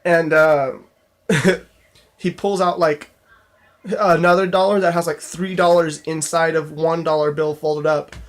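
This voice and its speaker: A man's voice: a little high, level tone, takes it slowly. A young man casually telling a story from his job in a vlog, rambling with lots of fillers and restarts. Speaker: store clerk telling a work story.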